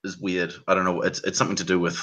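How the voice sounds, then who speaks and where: A man with a New Zealand accent telling stories in a casual chat, animated and casually swearing. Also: low voice, rapid-fire, breathy edge. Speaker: chat guest.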